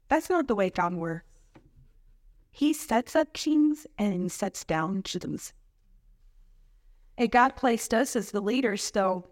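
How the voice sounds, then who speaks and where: Lively woman preaching with humor. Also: no echo, studio quality. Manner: humorous, animated, laughs often; jumps into high mocking voices for quotes. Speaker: conference speaker. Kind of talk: women's conference sermon.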